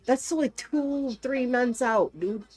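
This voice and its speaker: Slow-talking young woman chatting casually. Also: high voice, a little mellow. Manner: rambling, swears freely, acts out quotes. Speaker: co-host. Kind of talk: casual chat.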